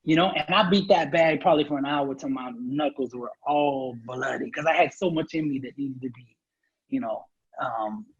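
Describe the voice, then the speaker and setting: A man's voice: a little high, normal speed, slightly rough, highs cut off. A man guest on a podcast interview, telling a personal story in an earnest, emphatic way. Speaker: guest speaker.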